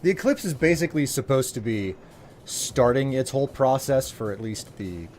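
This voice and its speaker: A man's voice: mid-range voice, animated, normal speed, a little mellow, a little hiss or hum. A man streaming a video game live, chatting playfully with his viewers and putting on mock outrage at them. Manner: playful, mock-indignant, talks to chat.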